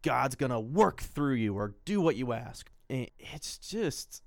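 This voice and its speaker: A man's voice: medium pitch, sing-song, takes it slowly, creaky, dry recording. A man co-hosting as a pastor, explaining theology in a dry, critical way. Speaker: pastor co-host. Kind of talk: podcast commentary.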